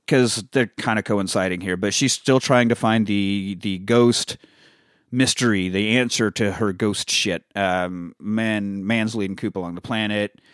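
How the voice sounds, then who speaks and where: A man's voice: lowish voice, steady tone, measured pace, smooth, dry recording, studio quality. Casual profane man recapping a film. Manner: profanity-laced storytelling with quoted character voices. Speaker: podcast co-host recapping a film.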